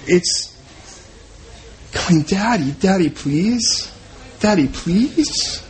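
High-voiced man preaching conversationally. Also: a little hiss or hum, low-quality recording. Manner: conversational, repeats words, restarts. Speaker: pastor. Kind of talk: sermon.

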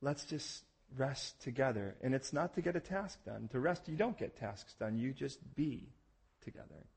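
A man in his thirties preaching a sermon, telling stories in an animated way and acting out voices, going from hushed to loud. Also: medium pitch, moderate pace, creaky, husky. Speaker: pastor.

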